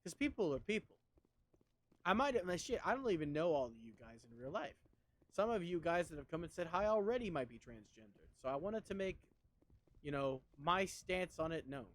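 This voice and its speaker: A man's voice: on the high side, big pitch swings, brisk, a bit bright. Rambling male streamer. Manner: rambling, conversational, with many fillers and restarts. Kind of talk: casual chat while streaming.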